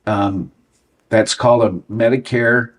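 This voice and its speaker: A slow, steady, mid-range voice belongs to a man in his sixties from the United States. As a guest on an interview show, he relates episodes from his career, playing out the conversations in them.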